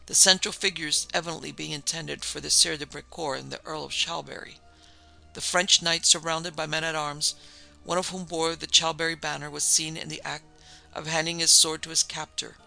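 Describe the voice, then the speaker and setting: A man reads a supernatural tale in a measured, steady way, with a heavily gravelly, fry-laden voice. His tone is very bright and cutting, sitting a little above the usual male pitch. Faint music plays behind him. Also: poor audio. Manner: measured, even storytelling delivery. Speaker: narrator and producer. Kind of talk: scripted narration of a ghost story.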